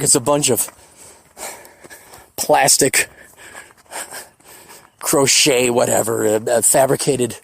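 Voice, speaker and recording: A podcast host in his forties, with a creaky mid-range voice, talks on his own in a rambling, reflective, profane way, now and then mocking others with quick put-on voices.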